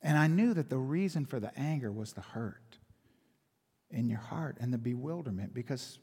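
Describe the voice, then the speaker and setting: Man, pastor, sermon, breathy husky voice, mid pitch, loud-to-hushed storytelling, echoing church. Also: animated, moderate pace. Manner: dramatic storytelling with sudden swings from loud to hushed. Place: church sanctuary. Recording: long reverb of a church hall.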